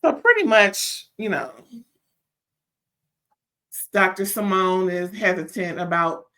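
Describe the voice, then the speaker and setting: A woman hosting a casual reality TV review, sassy and animated, calling listeners "child" and stammering when riled up. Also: mid-range voice, slow pace. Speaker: reality TV recap host.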